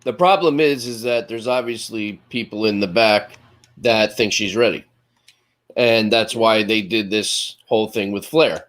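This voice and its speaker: A man's voice: on the low side, a little slow, a bit bright. A man co-hosting a wrestling podcast in casual chat, hesitant and stammering before he makes his point. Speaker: podcast co-host.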